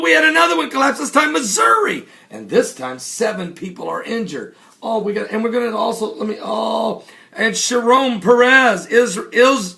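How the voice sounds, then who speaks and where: Excitable high gravelly American preacher. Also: male voice. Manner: exclamatory, incredulous outbursts, rapid topic jumps. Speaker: radio show host and preacher. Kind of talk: excited show promo monologue. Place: studio.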